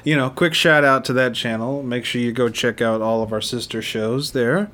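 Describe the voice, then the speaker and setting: A man's voice: mid-range voice, moderate pace, a bit bright. A man hosting a podcast, teasing his co-host in rambling casual chat. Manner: teasing, rambling, stammering restarts.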